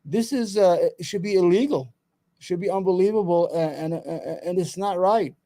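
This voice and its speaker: A man's voice: sits high, a little fast, dark tone. A man hosting a livestream, ranting heatedly about politics, cursing and repeating himself, with chatty asides to his viewers. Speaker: livestream host.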